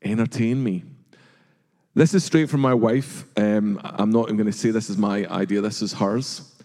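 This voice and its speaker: Middle-aged male preacher, warm mellow tone, earnest sermon delivery, long church reverb. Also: lowish voice, normal speed, gravelly. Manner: earnest, rhetorical questions, acts out quoted voices. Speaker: pastor. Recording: long reverb of a large hall.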